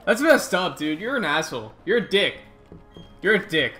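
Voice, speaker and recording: Excitable young-sounding guy gaming. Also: sits high, moderate pace, faint music behind. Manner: excitable, rambling, swears and groans at the game. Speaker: gaming channel host. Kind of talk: casual gameplay commentary.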